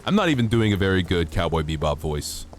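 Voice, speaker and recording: A man's voice: low-pitched, big pitch swings, fairly quick, slight background noise. A man streaming a game, chatting casually and playfully with his chat, teasing and mock-outraged, laughing often. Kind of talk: casual live-stream chat while gaming.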